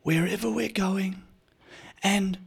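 Man doing a raspy hushed ad voiceover lady. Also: high-pitched, steady tone, slow, pitched above the performer's own voice, heavily acted. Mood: hushed soothing. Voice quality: raspy, breathy. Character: soothing raspy female ad voiceover.

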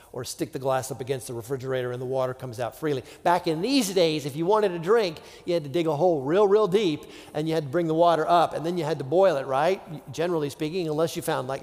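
A man preaching with a slightly high voice in a conversational way. He tosses in rhetorical asides and often restarts a phrase. His voice carries a long reverb from a church sanctuary. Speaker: pastor. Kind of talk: conversational sermon.

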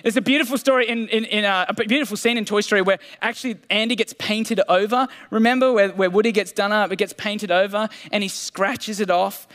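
A man's voice: sits high, steady tone, brisk, few pauses, fairly bright tone. A man preaching a sermon in a casual, self-deprecating way, with fillers and restarts. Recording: long hall reverb.

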